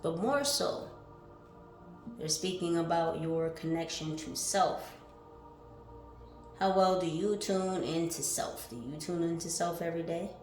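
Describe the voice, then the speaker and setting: A woman giving a spiritual card reading who swings between calm, musing questions and loud, fired-up exclaiming, reading affirmations aloud and swearing casually. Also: on the low side, unhurried, long pauses. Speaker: tarot reader. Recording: echoey room with faint music behind.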